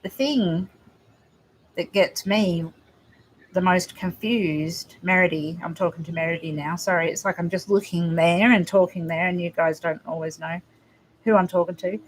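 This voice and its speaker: A woman hosting a casual livestream, answering viewers' comments in a halting, emotional way with frequent restarts. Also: fairly low pitch, fairly even intonation, a little hiss or hum. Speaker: livestream host.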